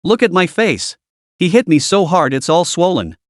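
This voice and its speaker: A man's voice: sits high, sing-song, normal speed, no echo, clean studio sound. A man voicing an arrogant middle-aged woman driver who screams insults. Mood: angry. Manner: screeching, insulting.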